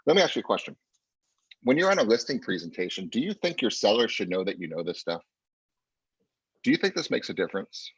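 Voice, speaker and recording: A man leads a sales training session over a video call, speaking in a low, husky voice. He keeps checking in with "right?" and urges the listeners to pay attention. The audio is muffled and dry. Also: no room sound. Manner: energetic coaching, repeats "right?" and "pay attention", acts out client quotes. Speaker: real estate sales trainer.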